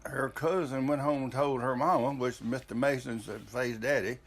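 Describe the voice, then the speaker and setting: A man's voice: medium pitch, fairly even intonation, normal speed. An older man, telling a family story in a rambling, casual way with frequent restarts.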